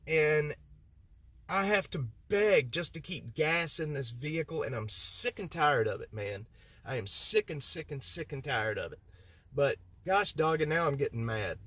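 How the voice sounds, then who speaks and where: This livestream host, speaking in a slightly high, fairly bright voice, sits in a vehicle and responds to viewer comments. He gets heated, going around in circles and saying the same things again.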